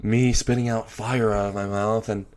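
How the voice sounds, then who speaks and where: A man's voice: on the low side, flat delivery, moderate pace, a little mellow, natural voice. A man voicing a stern father who turns harsh and fearful, with lines read in a plain storytelling tone. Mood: amused.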